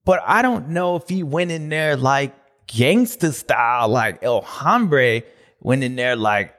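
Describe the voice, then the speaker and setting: A man hosting a motocross recap show, talking in a loose, slangy, animated way with loud bursts and low asides. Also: a little slow. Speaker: motocross podcast host. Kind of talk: casual race recap commentary.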